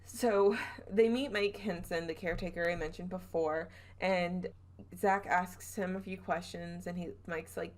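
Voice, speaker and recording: A woman's voice: on the low side, fairly even intonation, measured pace. A young woman from the southern United States, hosting a podcast and retelling a ghost story in casual chat, giggling and correcting herself as she goes. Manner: chatty, giggly, trails off and self-corrects. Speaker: podcast host.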